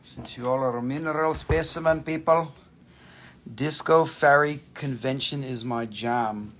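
A man's voice: mid-range voice, measured pace, a bit bright. A man chatting casually and joking with viewers while selling mineral specimens on a livestream, swearing freely. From US East Coast. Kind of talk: casual live-sale chat.

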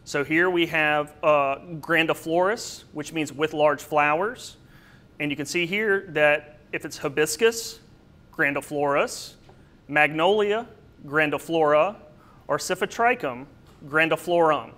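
Speaking a little slowly in a fairly high, bright voice, a male presenter works through a slide-based botany lecture step by step. Now and then he uses fillers and makes small asides to his audience.

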